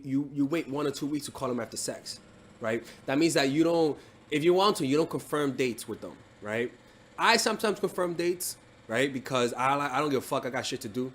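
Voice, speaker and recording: A man's voice: mid-range voice, fairly bright tone. A man giving dating advice as a coach in a casual monologue, blunt and profane, with frequent restarts and "right?" tags.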